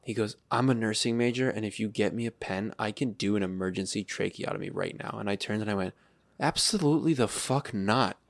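A young man in his twenties co-hosting a casual podcast chat, telling animated stories and acting out quotes. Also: fast talker, vocal fry, hardly any pauses, dry recording. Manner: animated storyteller, acts out quotes in higher voices. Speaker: podcast co-host.

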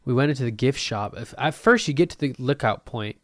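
A young man talks to himself at his desk for a solo podcast, rambling from one thought to the next and joking about himself. His voice sits in an ordinary middle range, and it jumps between loud bursts and low mutters. The sound is dry and close, with hardly any room around it. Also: animated, brisk, no echo. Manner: rambling, joking and self-mocking, with sudden loud bursts and mumbled asides. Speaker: podcast host. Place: at a desk at home.

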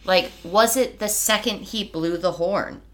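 A woman co-hosting a book podcast in casual chat, animated, with lots of "like" and quick restarts. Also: medium pitch. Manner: animated, fills speech with "like", restarts often.

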